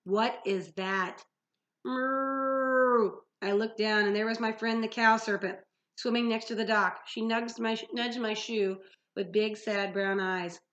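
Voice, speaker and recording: A woman teacher reading a novel aloud to her class in an expressive storytelling manner, with small slips. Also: mid-range voice, moderate pace, lo-fi sound.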